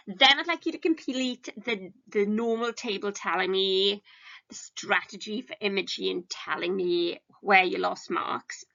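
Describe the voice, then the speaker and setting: A woman's voice: mid-range voice, normal speed, gravelly, pushed and bright, highs cut off. A woman, an English teacher giving a recorded lesson in a chatty, self-deprecating way with many ums. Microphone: home recording for a video lesson.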